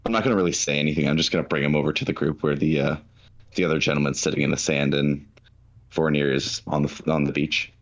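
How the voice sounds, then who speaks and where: Very deep-voiced male player. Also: fairly even intonation, fast, dull audio. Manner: casual, chuckling, full of fillers. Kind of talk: tabletop role-play.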